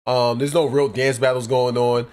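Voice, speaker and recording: A man's voice: mid-range voice, flat delivery, moderate pace, darkish tone. A man in casual podcast chat, talking in long rambling runs and often adding "you know what I mean".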